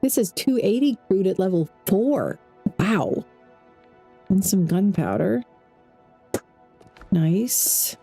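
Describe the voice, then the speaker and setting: Woman streamer chatting thru her game, mellow tone, kinda rambly, thinking out loud. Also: medium pitch, animated, slow, vocal fry, pauses often, husky, soft background music. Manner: chatty, thinks aloud while playing. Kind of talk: casual let's-play commentary.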